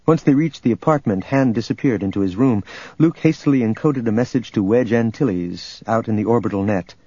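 A man narrating a novel in a steady, even storytelling manner, recorded as a dull lo-fi audiobook. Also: lowish voice, a little fast, husky, no room sound. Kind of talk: scripted narration.

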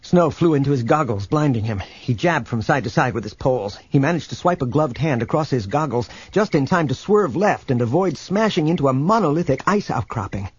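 A man reading a novel aloud as a narrator, in steady, measured storytelling. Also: mid-range voice, slightly rough. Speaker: audiobook narrator. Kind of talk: scripted narration. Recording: dull, slightly lo-fi.

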